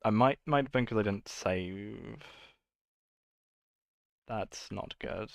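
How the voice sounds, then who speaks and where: A man's voice: fairly low pitch, slow pace, vocal fry, dry recording. A man streaming himself coding, thinking aloud in a casual, muttering way and correcting himself as he goes.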